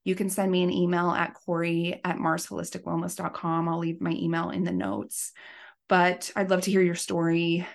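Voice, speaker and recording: A woman's voice: fairly low pitch, flat delivery, moderate pace, vocal fry. A woman in her thirties, a life coach and podcast host, telling a personal story in an earnest, emotional way. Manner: emotional, earnest, tearful at times. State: pregnant.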